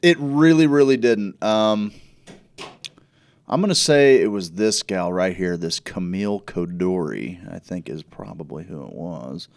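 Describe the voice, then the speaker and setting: A lower-pitched man from Indiana hosts a loose livestream podcast, talking in a rambling way full of "uh"s and restarts, with the occasional curse dropped in. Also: lively intonation, measured pace, vocal fry. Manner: rambling, filler-heavy, profane. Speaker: podcast host. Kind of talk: casual livestream chat.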